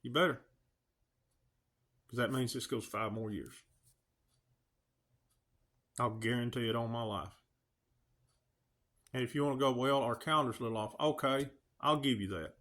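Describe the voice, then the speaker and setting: In a measured, slightly bright mid-range voice that pauses often, a channel host speaks straight to camera. His rant is emotional and earnest as he pleads with viewers and fires off rhetorical questions.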